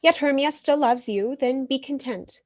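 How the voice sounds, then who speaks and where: A woman's voice: high voice, moderate pace, natural voice. A woman playing the lovelorn young Helena, speaking verse with pleading emphasis in a community theatre reading.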